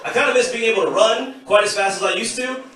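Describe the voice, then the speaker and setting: A man's voice: high voice, quick pace, a bit bright. A man in his thirties doing a stand-up comedy set in a packed club, with wry, self-deprecating delivery. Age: 30s. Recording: echoey club from far off with crowd.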